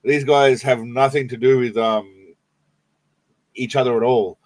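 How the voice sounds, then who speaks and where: A man's voice: mid-range voice, steady tone, measured pace, dry recording. Crude, joking man hosting a stream. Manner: crude joking, laughs often. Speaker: livestream host. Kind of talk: casual reaction commentary.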